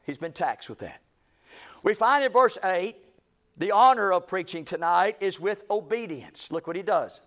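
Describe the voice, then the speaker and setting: A man preaching a revival sermon, swinging between loud shouting and hushed low lines.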